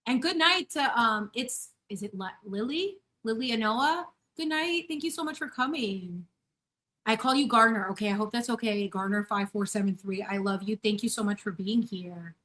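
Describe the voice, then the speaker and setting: A channel host in her thirties runs a casual live stream, baking in her home kitchen and chatting bubbly and effusively with viewers she greets by name. Her voice is a little high and a bit bright, at normal speed.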